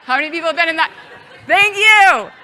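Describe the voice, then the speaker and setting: A woman's voice: very high-pitched, expressive, a little fast, pushed and bright, some chatter behind. A woman keynote speaker giving a chatty live talk to an audience, acting out inner thoughts playfully.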